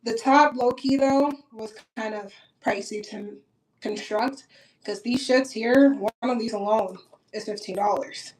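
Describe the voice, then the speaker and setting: This low-quality clip features a female vlogger whose voice is a little high and a little slow. She's a blunt Minnesota woman doing a casual get-ready-with-me chat, cursing liberally and addressing her viewers directly with plenty of animation.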